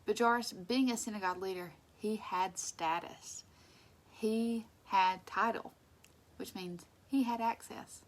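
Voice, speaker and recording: A woman leading a casual Bible study, conversational and emphatic, sometimes dropping into soft asides. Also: mid-range voice, fairly even intonation, unhurried.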